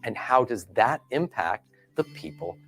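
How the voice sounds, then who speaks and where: Animated male trainer in a training video. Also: mid-range voice, unhurried, faint music behind. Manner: expressive storyteller, asks the listener questions. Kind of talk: recorded training video lecture.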